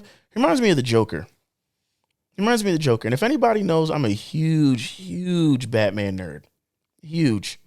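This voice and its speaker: Young male podcast co-host, smooth resonant voice, very animated delivery with big pitch swings. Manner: animated, emphatic, swings between low drawl and excited high bursts. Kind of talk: casual podcast commentary.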